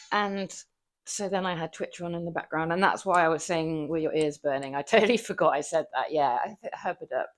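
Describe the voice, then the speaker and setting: A woman livestreaming from her home gym, chatting casually with viewers between lifts, laughing often and swearing now and then. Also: on the low side. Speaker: livestreamer working out.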